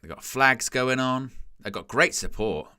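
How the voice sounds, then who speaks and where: A jokey man hosts a live football watchalong, laughing between remarks and reading viewers' comments aloud. His voice is bright and clear, and he talks at an easy pace. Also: medium pitch, expressive, unhurried. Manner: jokey, laughs often, reads out chat.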